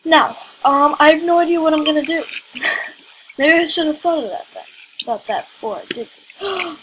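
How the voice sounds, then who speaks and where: A woman's voice: sits high, normal speed, fairly bright tone, a little hiss or hum, poor audio. A woman giving casual let's-play commentary, rambling and questioning herself aloud as she plays. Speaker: gaming video creator.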